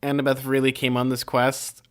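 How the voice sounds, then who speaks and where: Speaking in a monotone at a moderate pace, this young co-host from California keeps the podcast chat loose and relaxed, drifting along with plenty of fillers. His voice is medium-pitched and the tone clean.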